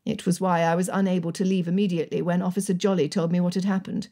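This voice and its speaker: A woman's voice: on the low side, fairly even intonation, quick pace. A woman voicing a jovial, joking Regency colonel. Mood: firm. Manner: warm, joking and firm. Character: jovial Regency army colonel, loyal cousin. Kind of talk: audiobook character reading.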